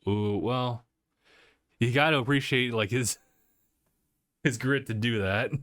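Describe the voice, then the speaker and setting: A man's voice: medium pitch, takes it slowly, fairly bright tone, no room sound, studio quality. A man co-hosting a podcast, chatting casually about video games, laid-back and laughing often, trailing off mid-sentence. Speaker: podcast co-host.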